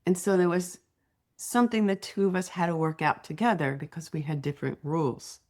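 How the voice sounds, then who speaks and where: A woman's voice: on the low side, steady tone, fairly quick, darkish tone. An older woman presenting a slideshow talk as an EFT tapping teacher, explaining ideas through personal anecdotes in a conversational storytelling manner.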